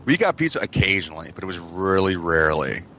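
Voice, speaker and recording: Man, deep voice, quick pace, crisp bright tone, podcast chat, faint background noise. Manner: profane, animated storyteller. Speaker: podcast co-host. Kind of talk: casual chat.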